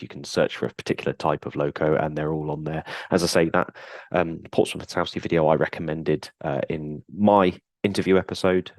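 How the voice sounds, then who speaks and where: A deep-voiced man co-hosts a casual podcast and explains things in steady detail. The recording is close and dry, with no room sound. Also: no echo. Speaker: co-host. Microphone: headphones, remote call.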